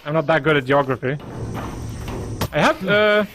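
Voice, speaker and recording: A man streaming a game, chatting casually in a hesitant, soft-spoken way with many restarts. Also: fairly high pitch, animated, normal speed, over music. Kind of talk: casual chat while gaming.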